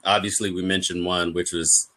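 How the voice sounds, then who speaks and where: Bright-voiced man, animated podcast chat. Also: sits low, moderate pace. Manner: animated, laughs often, acts out scenes. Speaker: podcast co-host. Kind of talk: casual chat recapping a TV episode.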